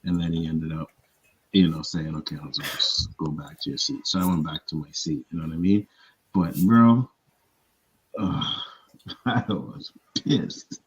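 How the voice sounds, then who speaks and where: Low husky man telling a story. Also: normal speed, dull audio. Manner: animated storyteller, profane, acts out others' lines. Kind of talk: casual chat.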